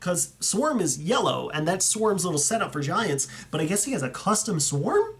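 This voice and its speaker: A man's voice: on the high side, big pitch swings, moderate pace. A young man chatting casually and enthusiastically as he reviews viewer photos, rambling and correcting himself as he goes. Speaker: YouTuber reviewing fan collections.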